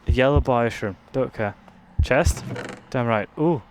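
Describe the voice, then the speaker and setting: A young British man commenting casually on a game he is playing, swearing and reacting loudly to what happens on screen. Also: mid-range voice, slow pace, noisy background. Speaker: streamer.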